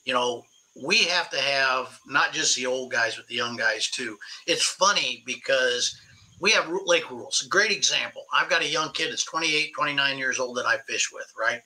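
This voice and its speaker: A man in his sixties, a veteran angler, is a guest on a podcast for a casual storytelling interview. In poor audio, his mid-range voice moves at a moderate pace as he tells stories in a spirited, emphatic way.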